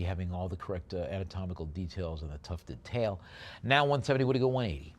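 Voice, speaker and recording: A man calling a live auction, rattling off bids in a quick chant and slowing down to describe each lot. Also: sits low. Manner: rapid bid-calling chant alternating with slower item descriptions.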